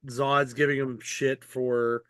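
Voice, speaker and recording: A man's voice: mid-range voice, little pitch movement, slow pace, a bit bright, clear, resonant tone, dry recording, clean studio sound. A man hosting a podcast, chatting casually and rambling with lots of fillers and the odd swear. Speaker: podcast host. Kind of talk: casual chat.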